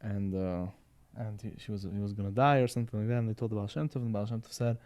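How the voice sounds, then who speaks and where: A man's voice: fairly low pitch, fairly even intonation, fast talker, a little mellow, clean tone. A man in casual podcast conversation, rambling and repeating words, often checking in with "right?" and "you know". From Sephardi background.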